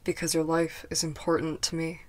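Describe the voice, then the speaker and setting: A woman voicing a tired but caring adult male teacher, speaking slowly and gently in a fan fiction audiobook. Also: deep voice, natural voice. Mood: tender. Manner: calm, slow and gentle.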